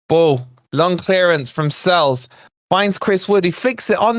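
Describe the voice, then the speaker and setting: A man with a high voice calls a football match live for a fan channel, talking straight to his chat. He swings between steady play-by-play and sudden excited shouts whenever a chance comes. His voice sounds close and dry, with no room around it. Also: slow pace, dry recording. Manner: excitable, bursts into shouts at chances then calms; chatty asides to viewers in the chat. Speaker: fan channel watch-along host. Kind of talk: live match watch-along commentary.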